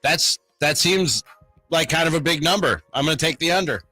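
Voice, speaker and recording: A man with a bright, mid-pitched voice co-hosting sports radio. He reasons his way through picks and sometimes reverses himself mid-thought. Soft music plays beneath. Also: normal speed. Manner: thinks aloud, changes his mind mid-pick. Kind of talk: casual sports talk.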